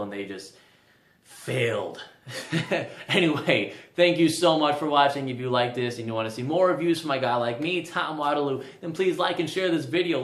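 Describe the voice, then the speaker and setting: A man's voice: medium pitch, roomy sound. A young man giving a casual spoken movie review, rambling and often stammering over restarts.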